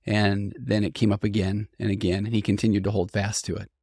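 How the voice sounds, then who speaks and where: A middle-aged man with a low, gravelly voice talks through listener stories on a podcast, earnest and reflective, turning lively when he quotes others. The sound is dry and close to the mic. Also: fairly quick, no echo. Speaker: podcast host, therapist. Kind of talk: conversational podcast monologue reading listener stories.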